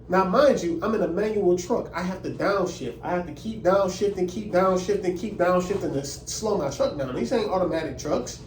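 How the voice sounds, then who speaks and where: Animated high-voiced young man. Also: normal speed, few pauses, reverberant, recorded from a distance, slight background noise. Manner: animated and indignant, heavy slang. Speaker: vlogger. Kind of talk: casual storytelling.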